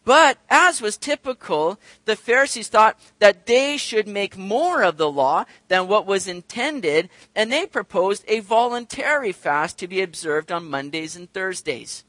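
A man preaching a sermon to his congregation, animated and acting out the voices of the people he describes. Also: high voice, unhurried, few pauses, dry recording. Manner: animated, acts out quoted voices, addresses congregation directly. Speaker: pastor.

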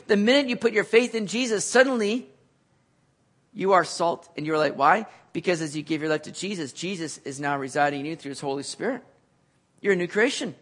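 Man preaching, high voice, earnest sermon, swings between emphatic peaks and quiet lows. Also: expressive, moderate pace. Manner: earnest, rising to emphatic peaks then dropping low.

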